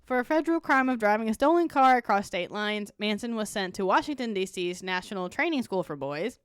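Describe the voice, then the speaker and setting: On a casual true-crime podcast, a young female co-host reads from her notes, then interrupts herself with blunt, profane asides and laughter. She speaks fairly quickly in a clear, resonant, medium-pitched voice with lively intonation, recorded dry in studio quality.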